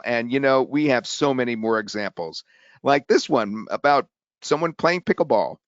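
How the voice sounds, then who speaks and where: An excitable man hosting a live sales webinar, rambling and restarting as he pitches. His voice sits in a middle range and sounds dry, with dull, lo-fi webinar audio. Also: normal speed, no room sound. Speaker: webinar host.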